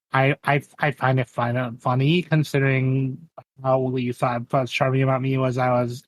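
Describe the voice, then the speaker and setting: A man's voice: mid-range voice, no echo, close to an everyday voice. A man voicing a bitter, down-on-his-luck young man, half gooey creature, who rambles in a wry, self-mocking way.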